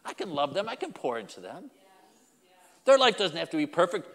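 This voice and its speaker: A man's voice: on the high side, very animated, brisk, big-room sound. A man preaching a sermon as pastor, emphatic and repetitive, speaking directly to the congregation.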